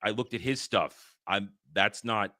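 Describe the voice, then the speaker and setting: A podcast host, a man with a middle-pitched, very bright, sharp voice. He talks in a hesitant, halting way, and the sound is close and dry with no room. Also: no echo. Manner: hesitant, rising to excited. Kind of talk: casual chat.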